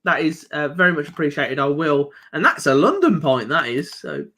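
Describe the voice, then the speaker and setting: Easygoing higher-voiced man on a fan stream. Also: very animated, moderate pace, bright, forceful tone. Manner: easygoing, reads out fixtures and comments. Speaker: co-host reading donations and comments. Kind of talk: casual live stream reaction chat.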